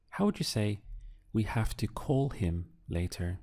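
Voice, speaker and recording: Slow, low-voiced male Spanish tutor. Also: very animated, warm tone. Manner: slow, deliberate prompts with pauses for the learner. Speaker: Spanish teacher. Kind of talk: audio language lesson.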